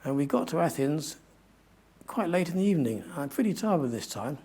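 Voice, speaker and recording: A man's voice: fairly high pitch, very animated, fairly quick, a little mellow, husky. Older man telling a rambling story. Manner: rambling, self-correcting storyteller. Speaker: guest speaker. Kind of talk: anecdotal storytelling talk. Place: museum talk to an audience.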